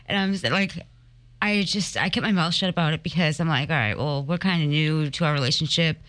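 A woman guest on a live podcast interview. She talks in a halting way, restarting and trailing off, with a light laugh now and then. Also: low-pitched, fairly bright tone. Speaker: paranormal investigator guest.

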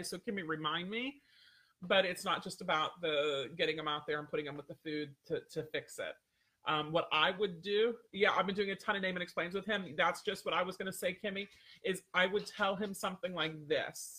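Here a man who trains dogs hosts a livestream and chats informally with viewers. His voice sits high and sounds bright and forceful, his pace brisk, and he rambles with many fillers while interrupting himself.

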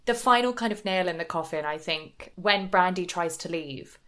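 Female co-host, bright voice, loose gossipy chat. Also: on the low side, normal speed. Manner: gossipy, says "like" often. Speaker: podcast co-host. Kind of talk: casual chat.

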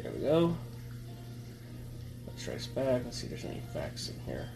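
A man's voice: medium pitch, sing-song, a little slow, noisy background. Man giving chatty movie commentary. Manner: chatty, thinking aloud, chewing popcorn while talking. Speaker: movie watch-along host. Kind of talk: casual live movie commentary.

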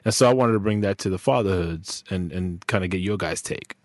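A man with a fairly low voice hosts a casual podcast chat. He talks in a loose, rambling way with slang and restarts. The sound is dry and close. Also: fairly quick, no echo. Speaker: podcast host.

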